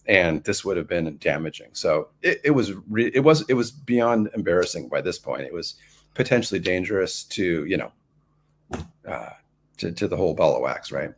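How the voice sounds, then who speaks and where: A man's voice: low-pitched, slightly rough. A man answering interview questions in a casual, rambling way, full of fillers and restarts. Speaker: guest author.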